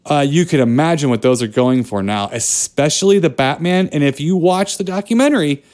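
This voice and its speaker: Animated man chatting about movies. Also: on the high side, brisk. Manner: animated, joking, rambling. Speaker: podcast co-host. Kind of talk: casual movie chat.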